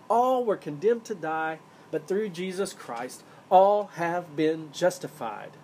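A man's voice: a little high, animated, takes it slowly, hardly any pauses, darkish tone, slight background noise. A man hosting a solo Bible-teaching podcast, earnest and emphatic, stressing key words as he reads and explains verses. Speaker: podcast host teaching scripture.

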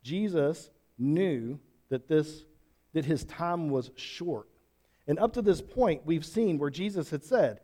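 A man's voice: fairly high pitch, animated, slow, mellow. A man teaching a Bible passage in a folksy, conversational way, with asides and restarts. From Switzerland. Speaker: pastor.

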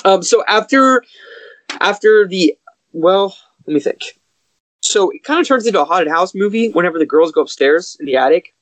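A young man on a podcast, chatting casually about a movie with quick asides. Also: high-pitched, expressive, fairly bright tone. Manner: chatty, quick asides, laughs at plot holes. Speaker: podcast co-host. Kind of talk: casual movie review chat.

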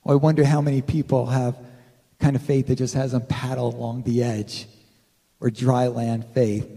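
A man's voice: medium pitch, level tone, moderate pace, vocal fry, dark tone, slightly rough. A male pastor preaching a sermon in a church, conversational and direct, calling out to the congregation for amens. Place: church sanctuary. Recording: long hall reverb.

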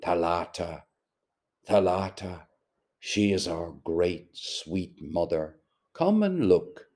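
A man's voice: sits low, expressive, takes it slowly, a little mellow, full character voice. A man reading aloud as a brash, swaggering young man who mocks his friend. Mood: grand.

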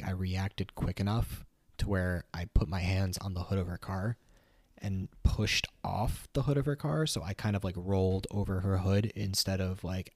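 Young male podcast co-host, deep voice, dry close sound, chatty and animated. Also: dry recording. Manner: laughing, animated storytelling. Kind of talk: casual chat. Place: home kitchen.

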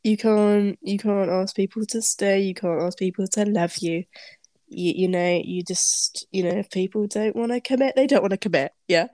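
A woman's voice: mid-range voice, moderate pace, warm tone, no room sound. A young woman, co-hosting a casual chat podcast, blunt and darkly joking with some swearing. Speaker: podcast co-host.

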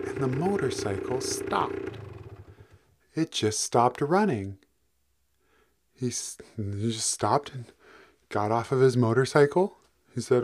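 A man improvising a bedtime story, relaxed and playful, with sound effects and repetition. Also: medium pitch, a little slow, a little hiss or hum.

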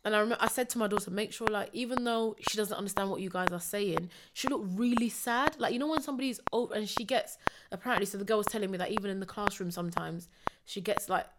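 A woman co-hosting a podcast, telling stories in a casual, emotional and animated way. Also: mid-range voice, fast talker, heavy background noise. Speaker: podcast co-host. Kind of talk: casual chat.

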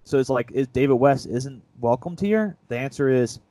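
A man's voice: medium pitch, animated, moderate pace, dark tone, a little hiss or hum, rough recording. A young man co-hosting a casual sports podcast, retelling a story in a rambling, self-mocking way. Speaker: podcast co-host.

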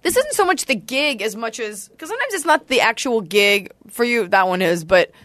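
Animated woman telling road stories. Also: a little high, no room sound. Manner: animated, quick storytelling with acted-out quotes. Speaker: stand-up comedian, guest. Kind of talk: casual podcast storytelling.

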